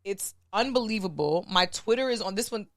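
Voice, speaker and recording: A woman's voice: mid-range voice, a little fast, no echo, studio quality. A woman in her thirties from New York City, telling stories casually as a podcast guest and acting out what other people said. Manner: animated, acts out quoted voices of others. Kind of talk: casual storytelling chat.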